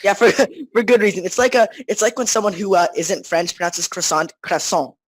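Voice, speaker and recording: A teenager talks in a loose, rambling way, circling back with constant restarts and fillers. The pitch sits in the middle range. The recording is dry and close, with no room sound. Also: fairly quick, no echo, low-quality recording. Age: teens. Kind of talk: casual chat.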